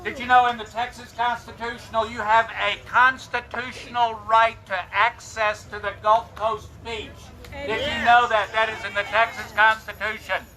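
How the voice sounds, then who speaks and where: A man's voice: sits high, little pitch movement, normal speed, pushed and bright, far from the mic. A man speaking to an outdoor rally crowd, rousing and repetitive, heard among street and crowd noise. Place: outdoor protest on a city street. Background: crowd and traffic noise.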